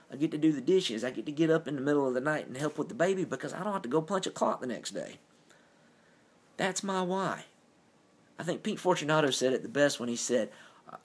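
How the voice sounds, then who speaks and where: A man's voice: medium pitch, breathy edge. Earnest man giving a motivational talk. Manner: earnest, upbeat and encouraging.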